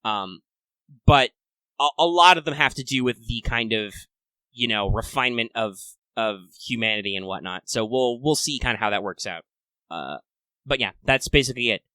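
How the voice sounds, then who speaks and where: Male podcast co-host, bright tone, dry close sound, chatty and playful. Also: medium pitch, moderate pace, clear, resonant tone, dry recording. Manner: chatty, playful and upbeat, with excited asides. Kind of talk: casual fan discussion podcast.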